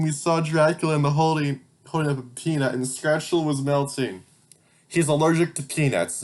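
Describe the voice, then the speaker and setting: A man's voice: fairly high pitch, moderate pace, a little mellow. A young man reading his childhood stories aloud, breaking off for incredulous, sarcastic, swearing asides. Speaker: channel host.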